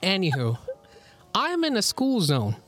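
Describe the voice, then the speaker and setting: High-voiced man telling a wild story. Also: unhurried. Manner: animated, swears freely, laughs often. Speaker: podcast co-host. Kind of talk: casual storytelling chat. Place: indoor recording with co-host beside him.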